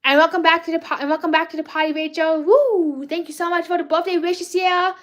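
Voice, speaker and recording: A woman hosting a live art stream, chatting excitably with viewers while drawing, rambling and often restarting her sentences. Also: extremely high pitch, a little fast. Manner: bubbly, rambling, cheers and greets viewers; self-corrects and restarts often. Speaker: livestream host drawing fan art requests.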